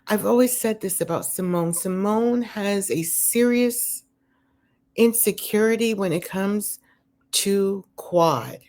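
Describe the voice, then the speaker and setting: With a medium-pitched, slightly mellow voice, a woman speaks slowly as she recaps a reality show at home, her dog nearby. The vlogger rambles, filling gaps with "you know" and "um," and speaks her mind openly.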